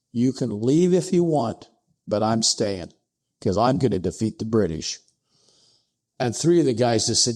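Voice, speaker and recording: A distillery co-founder, guesting on a podcast, narrates a historical frontier story in a slightly mellow, middle-pitched voice. He performs the dialogue with sharp pitch jumps, high for surprise and low for terse answers, with asides such as "I'm paraphrasing."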